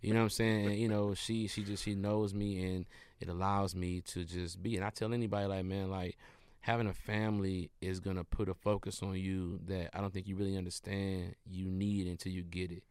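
A man's voice: low voice, level tone, a little fast, darkish tone, clear, resonant tone, no echo, studio quality. A man from Detroit, a comedian guest in his thirties, talking in a laid-back, rambling way in a casual interview. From Detroit, USA. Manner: laid-back, rambling, says "you know what I'm saying" a lot.

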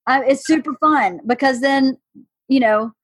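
A woman's voice: high voice, a little slow, husky. A woman with a Southern accent, chatting and laughing as a podcast guest, self-mocking and chatty. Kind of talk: casual chat.

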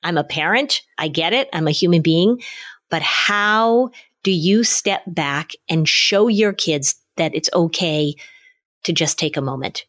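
Middle-aged woman, podcast co-host, slightly low pitch, calm and instructive delivery. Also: a little slow. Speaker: parenting podcast co-host, parenting expert. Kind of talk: casual advice chat.

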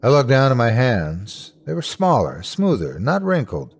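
Slow, lively-voiced male horror narrator. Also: breathy edge. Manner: dramatic, swings high for cries. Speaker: host and narrator.

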